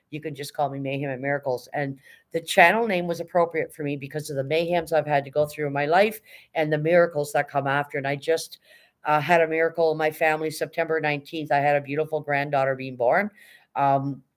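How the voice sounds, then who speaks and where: A middle-aged woman chatting casually on a livestream, greeting her chat and speaking bluntly. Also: low voice. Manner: blunt, no-nonsense. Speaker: live streamer greeting chat.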